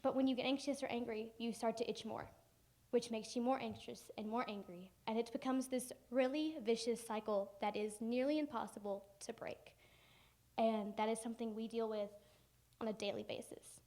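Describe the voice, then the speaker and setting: Animated young woman telling a story. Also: on the high side, moderate pace. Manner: animated and humorous, acting out family members. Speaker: keynote speaker. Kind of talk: personal storytelling speech. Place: conference hall.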